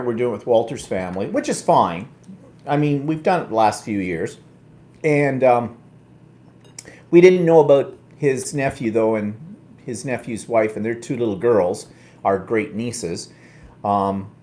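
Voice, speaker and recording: A man's voice: mid-range voice, lively intonation, a little slow, pauses often, darkish tone. Chatty Canadian man, casual rambling. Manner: chatty, rambling and self-mocking. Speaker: host. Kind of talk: casual chat.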